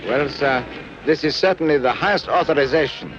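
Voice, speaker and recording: An actor playing a dutiful police inspector, formal, precise and polite. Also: male voice, a little high, a little fast, natural voice. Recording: dull lo-fi film soundtrack with engine noise.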